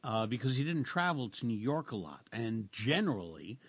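A man hosting a radio show, chatting casually in a halting, rambling way with lots of fillers and restarts. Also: medium pitch, big pitch swings, breathy edge, no room sound. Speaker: radio host. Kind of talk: casual radio interview chat.

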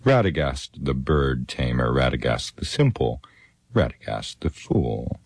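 A man voicing a proud, scornful old male wizard, speaking slowly and with measured sneering in a storybook reading. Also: very deep voice, big pitch swings, breathy edge, dry recording, exaggerated voice.

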